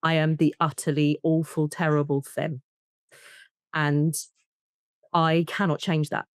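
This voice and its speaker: Animated woman therapist explaining. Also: low voice, measured pace, no room sound, studio quality. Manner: animated, acts out child and parent voices in examples. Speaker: attachment and trauma therapist, guest. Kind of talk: conversational interview.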